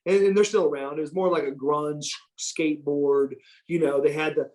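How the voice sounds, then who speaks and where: A middle-aged man as an interview guest, telling stories in a casual, animated, profane way with frequent restarts. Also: fairly high pitch, moderate pace. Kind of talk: casual storytelling.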